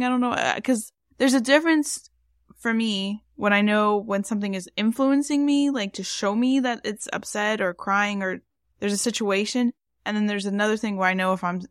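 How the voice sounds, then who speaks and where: A woman's voice: mid-range voice, a bit bright, clean tone, no room sound, clean studio sound. A woman paranormal investigator and psychic chatting casually, full of fillers and restarts. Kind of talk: casual podcast chat.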